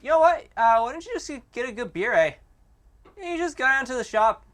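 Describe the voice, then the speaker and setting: A man's voice: extremely high pitch, sing-song, brisk, fairly bright tone, voice pushed up, heavily acted. A man putting on an exaggerated Canadian accent as a folksy beer-loving buddy. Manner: folksy, jokey.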